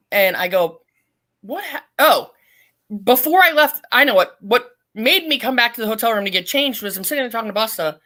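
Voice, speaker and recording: A middle-aged woman, a podcast guest, telling a long story in a blunt, profane and animated way. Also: medium pitch. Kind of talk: casual storytelling.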